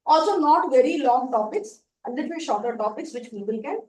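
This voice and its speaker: Woman, high voice, emphatic trainer, distant echoey mic. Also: animated, a little fast, a little mellow. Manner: emphatic, explanatory, repeats key points. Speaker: speaker giving a contest training session. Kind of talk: advisory workshop talk. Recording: echoey room, distant mic, faint noise.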